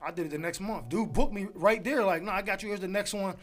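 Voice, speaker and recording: Man, thirties, comedian, lively storytelling, acts out voices, high pitch, quick delivery. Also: soft background music. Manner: animated, acts out other people's voices in his stories. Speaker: comedian guest. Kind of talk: casual storytelling chat.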